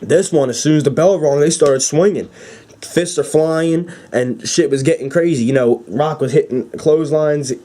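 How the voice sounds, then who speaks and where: A young man giving an excited, rambling fan recap with many fillers and restarts. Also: on the high side, moderate pace. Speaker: wrestling fan vlogger.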